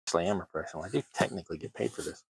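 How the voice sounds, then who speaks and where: Low gravelly-voiced man crafting on stream. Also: very fast, no echo, poor audio. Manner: chatty, wry, self-deprecating asides. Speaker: terrain crafting livestream host. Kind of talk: casual running commentary while crafting.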